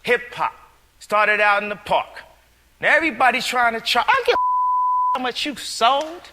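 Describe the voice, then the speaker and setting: An earnest man muses philosophically in a rambling interview. His high voice is bright and lively. A long reverberant tail hangs on the recording. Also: moderate pace. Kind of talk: interview musing.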